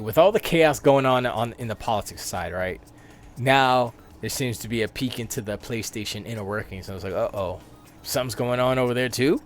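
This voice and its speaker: Rambling man hosting a gaming stream. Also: mid-range voice. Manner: rambling, riffs on the news he reads. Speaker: live stream host. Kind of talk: casual gaming news commentary.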